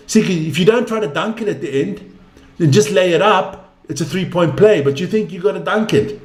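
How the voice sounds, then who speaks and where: A man streaming live basketball commentary, fed up and ranting with plenty of swearing. His voice sits slightly high, and the room around him rings with echo. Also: animated, normal speed. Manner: exasperated, ranting, swears freely. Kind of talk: casual profane live commentary. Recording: echoey room.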